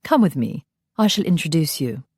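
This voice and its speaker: A woman's voice: deep voice, big pitch swings, normal speed, darkish tone, breathy edge, dry recording, studio quality, heavily acted. A woman voicing a haughty female vampire with a snooty British accent.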